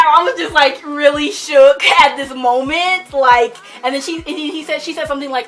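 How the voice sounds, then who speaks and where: A woman's voice: high voice, normal speed, few pauses, pushed and bright. A young woman rambling casually about a novel she loves, gushing and saying "like" constantly. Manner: rambling, gushing, heavy use of "like". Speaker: book vlogger. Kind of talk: casual book review chat.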